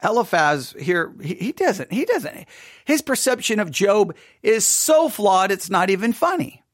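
A man preaching a sermon, emphatic and repetitive, firing off rhetorical questions and sometimes dropping into quiet asides. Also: sits high, big pitch swings, measured pace, no echo, clean studio sound.

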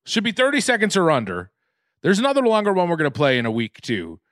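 A man's voice: high voice, wildly swooping pitch, fast, a bit bright, dry recording, clean studio sound. A man co-hosting a podcast, joking around and reading listener mail in a casual chat. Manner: jokey, reads listener mail aloud. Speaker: podcast co-host.

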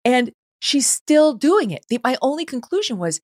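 A woman's voice: high voice, big pitch swings, moderate pace, darkish tone, no echo, studio quality. A woman hosting a podcast, talking casually and sarcastically and laughing often. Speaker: podcast host. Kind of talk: casual talk-show commentary.

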